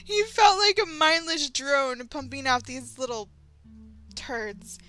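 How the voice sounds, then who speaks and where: A woman from Texas reading fan fiction aloud as a channel host, in an animated way and often breaking off to react. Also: high voice, slow, dry recording, soft background music, low-quality recording. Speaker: story reader, channel host.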